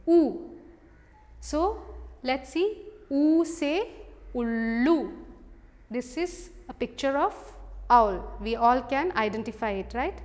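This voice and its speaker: A woman teacher with a high, light voice leads an online class. She speaks slowly and patiently, drilling words in a repeat-after-me pattern. Her voice carries a long, hollow reverb.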